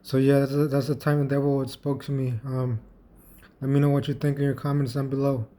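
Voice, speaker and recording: Vlogging in a mid-range, mellow voice with a level tone, a man tells his own story. The telling is casual and faltering, marked by frequent restarts and repeated words.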